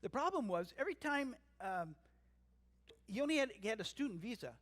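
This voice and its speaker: Pastor, male, high voice, earnest emphatic sermon delivery, church sanctuary with long reverb. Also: very animated, fairly quick, fairly bright tone. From Canada. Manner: earnest, emphatic preaching with storytelling asides.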